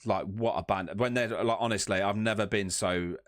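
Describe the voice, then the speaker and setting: A man's voice: lowish voice, steady tone, normal speed, dry recording, clean studio sound. A young man chatting enthusiastically on a podcast, rambling and restarting his sentences. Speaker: podcast co-host. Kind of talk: casual chat.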